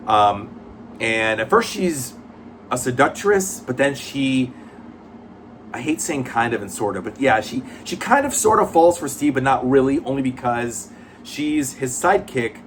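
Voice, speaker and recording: A man's voice: mid-range voice, slight background noise. A man reviewing comic books in casual chat, blunt, profane and rambling with many fillers.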